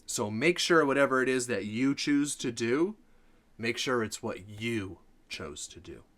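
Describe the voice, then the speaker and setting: A man's voice: mid-range voice, animated, a little slow, a bit bright. A middle-aged man hosting a reaction video, talking earnestly about family. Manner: earnest, heartfelt ranting. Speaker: reaction channel host. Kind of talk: casual reaction commentary.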